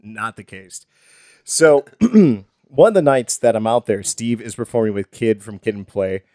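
A man's voice: on the low side, unhurried, dark tone, no room sound, studio quality. A man hosting a podcast in casual chat, laid-back and swearing freely. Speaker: podcast host.

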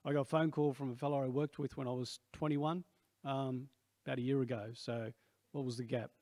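A man's voice: medium pitch, level tone, fairly quick, a little mellow, no room sound. A man in his sixties with an Australian accent, preaching a sermon in a rambling, conversational way with many asides. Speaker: pastor.

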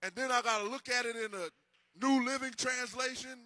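A male pastor delivers a sermon in a high, ringing, very bright voice that cuts through. His delivery swells into sing-song cadences and emphatic repetitions. The sound is close and dry, with little room around it. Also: fairly even intonation, normal speed, dry recording. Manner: preaching with rising, sing-song emphasis and repeated restarts. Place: church.

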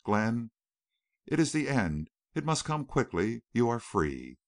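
A man voicing a distraught young wealthy city woman in an audiobook, pleading and breaking off in halting repeats. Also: mid-range voice, very animated.

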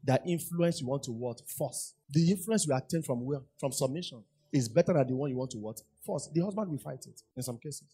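Husky-voiced preacher man. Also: mid-range voice, fairly quick, few pauses, mellow. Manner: emphatic preaching with repeated lines and call-and-response questions. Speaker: pastor. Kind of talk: sermon. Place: church hall.

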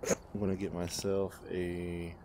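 Very deep-voiced gamer making callouts. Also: very noisy. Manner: quick, excited callouts to teammates. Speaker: game player. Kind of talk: casual gaming chat.

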